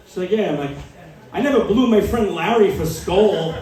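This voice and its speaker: A man in his forties doing a stand-up comedy set, deadpan storytelling and acting out quoted people. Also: sits high, moderate pace. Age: 40s. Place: small comedy club. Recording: echoey club from far off.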